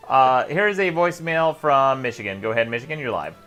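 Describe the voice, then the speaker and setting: A man's voice: medium pitch, fairly bright tone. Sardonic male host reading super chats. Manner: sardonic, mock-tyrannical, laughs often. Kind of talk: live stream chat, reading super chats.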